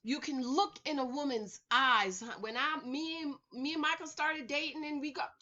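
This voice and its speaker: A woman's voice: sits high, normal speed, pushed and bright, dull audio. A woman recording a casual, sassy recap vlog at home, chatting to her viewers and calling them y'all, honey and girl. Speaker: reality TV recap vlogger.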